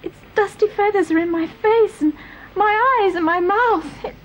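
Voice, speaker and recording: An actress playing a young woman recounting a nightmare in a radio drama, soft and confiding. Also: very high voice, normal speed, a little hiss or hum, low-quality recording. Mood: shaken. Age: young adult. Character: young granddaughter Vicky, shaken and earnest. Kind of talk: 1930s-set radio drama.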